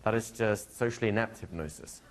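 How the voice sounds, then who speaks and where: A hypnosis instructor with a lowish voice and vocal fry answers a student's question at a live workshop in a training room with students, speaking fairly quickly. He tells stories, laughs, and acts out quoted dialogue, with a little hiss or hum in the audio.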